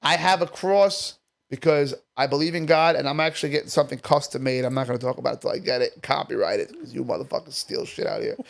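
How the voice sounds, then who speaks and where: A comedian from Staten Island, New York, guests on a podcast, chatting brashly and profanely as he jumps between topics. His medium-pitched voice is creaky and quick.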